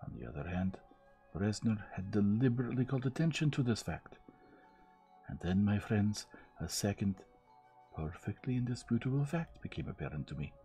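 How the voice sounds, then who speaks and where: Male reader as a fussy older detective, exacting and methodical, warm low voice with lively swings. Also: breathy edge, soft background music, full character voice. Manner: measured, explaining step by step.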